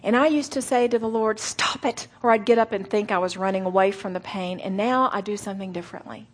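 A middle-aged woman preaching earnestly to a women's gathering, slowing for emphasis and dropping to soft whispered asides. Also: medium pitch. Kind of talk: sermon.

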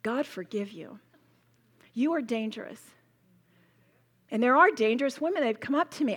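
A woman teaching a women's Bible study in a slightly high voice. She speaks emphatically and passionately, acting out small demonstrations as she goes. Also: fairly quick, pauses often. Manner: passionate, emphatic, animated storytelling with role-played demos.

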